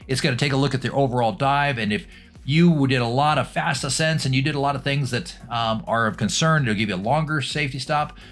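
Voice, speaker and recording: A man's voice: mid-range voice, fairly bright tone. A middle-aged man, a scuba instructor, chatting through a dive review with lots of ums and restarts. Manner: casual, chatty, with many fillers and restarts.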